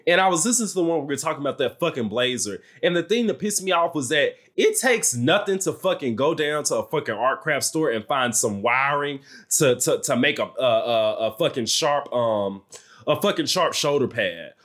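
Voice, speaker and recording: A man's voice: a little high, animated, a little fast, fairly bright tone. A man co-hosting a reality TV recap podcast, ranting heatedly with lots of swearing and blunt repetition. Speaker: podcast co-host.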